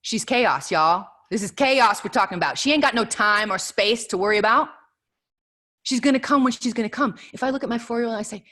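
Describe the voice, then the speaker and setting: A woman's voice: on the high side, a little fast, a bit bright. A woman in her thirties giving an earnest inspirational spiritual talk as leader of an online prayer circle, repeating affirmations with emphasis. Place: home video call.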